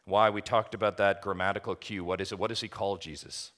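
A man's voice: lowish voice, steady tone, brisk, a bit bright. A man preaching an expository sermon, emphatic, asking rhetorical questions and addressing his listeners as friends. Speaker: pastor.

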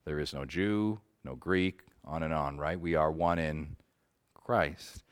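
A man's voice: extremely low pitch, takes it slowly, clean tone. A man teaching a Bible study group in a conversational way, earnest and passionate, often checking in with his listeners.

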